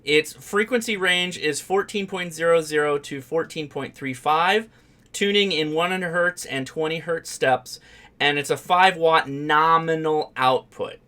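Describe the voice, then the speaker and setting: A man's voice: on the high side, a little slow, pushed and bright. A man hosting a ham radio live stream, chatting casually and rambling with fillers and restarts.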